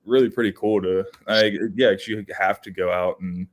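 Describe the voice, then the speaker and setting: A man's voice: fairly low pitch, moderate pace, slight background noise. A young man co-hosting a podcast, telling casual outdoor stories with lots of restarts and fillers. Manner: rambling, animated storytelling with many restarts. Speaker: podcast co-host. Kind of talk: casual storytelling chat.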